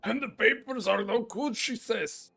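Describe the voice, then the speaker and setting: A man voicing a gruff, blustering male dwarf foreman in a video game, talking in an indignant, shouting manner. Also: very high-pitched, voice pushed up, heavily acted. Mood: aggrieved. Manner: indignant, shouting, drawn-out exclamations.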